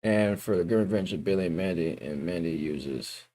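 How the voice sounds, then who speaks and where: A young man streaming, chatting casually, rambling, swearing freely and drifting between loud bursts and mutters. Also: low voice, moderate pace. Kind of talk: casual livestream chat.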